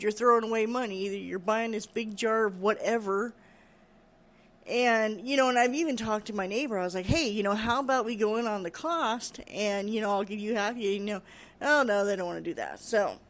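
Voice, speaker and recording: Rambling, laughing middle-aged vlogger. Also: mid-range voice. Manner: rambling and chatty, with frequent laughs. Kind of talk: casual rant to camera.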